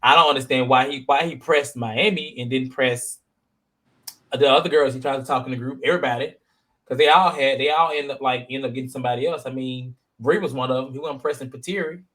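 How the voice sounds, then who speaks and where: A man hosting a casual reality-TV review chat, talking in a slangy, animated, rambling way with many fillers. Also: mid-range voice, a little fast. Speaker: podcast host.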